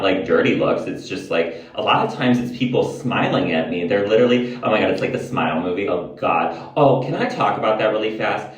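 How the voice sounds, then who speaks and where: A man vlogging in a candid, rambling way, swearing freely as he chats to the camera. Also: fairly low pitch. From United States. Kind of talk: casual chat to camera. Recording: roomy, mic at a distance.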